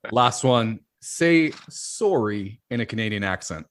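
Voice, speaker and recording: A male podcast host with a slightly low voice keeps things light and casual. He playfully throws quick-fire questions at his guest. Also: animated, fairly bright tone. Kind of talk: casual interview chat.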